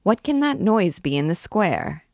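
A woman's voice: fairly low pitch, big pitch swings, unhurried, gravelly, a little mellow, no room sound, clean studio sound, exaggerated voice. A woman reading aloud as a vain, evasive young male army captain who talks in a breezy, offhand way.

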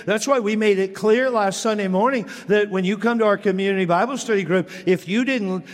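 A man preaching an expository sermon as a pastor, blunt and emphatic, slowing down to stress key words. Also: sits high, big-room sound. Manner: blunt, plain-spoken.

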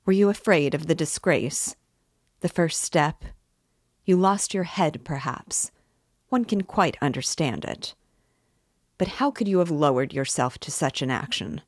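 A woman reading as a pompous middle-aged gentleman, wordy and condescending, who turns shrill and indignant when challenged. The voice stays low and unhurried underneath, recorded dry and close. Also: animated, no room sound. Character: pompous self-righteous middle-aged man.

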